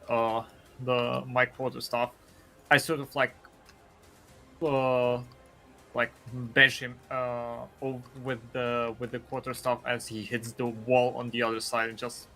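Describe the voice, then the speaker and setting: A man playing a tabletop game, halting and searching for words as he describes his moves. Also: mid-range voice, little pitch movement, pushed and bright, faint music behind. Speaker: player. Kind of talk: casual tabletop play.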